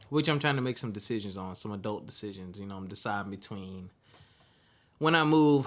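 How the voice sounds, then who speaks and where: Relaxed low-voiced male podcast host. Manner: relaxed, rambling, with frequent fillers. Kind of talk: casual chat.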